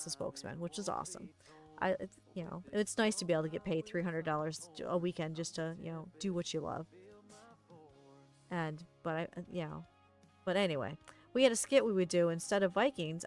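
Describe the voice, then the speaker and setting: A woman streamer chatting casually, telling stories while she paints and acting out the lines of the people in them. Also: on the low side. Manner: animated, acts out quoted lines.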